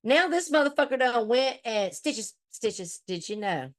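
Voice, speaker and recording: A woman's voice: a little high, expressive, measured pace. A middle-aged woman hosting a casual commentary chat, blunt and profane, trash-talking the people she discusses. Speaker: host.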